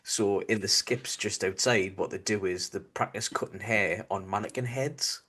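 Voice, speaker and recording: A man with a Northern English accent co-hosting a casual chat, telling stories in a relaxed way with many fillers. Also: on the low side, normal speed, breathy edge. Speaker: podcast co-host.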